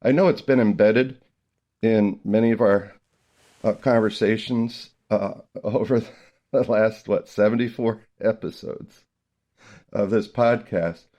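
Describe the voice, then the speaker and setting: A middle-aged man hosting a podcast about music teaching, chatting casually and telling animated stories with frequent laughter. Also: on the low side, unhurried, muffled recording. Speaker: podcast host, early childhood music teacher.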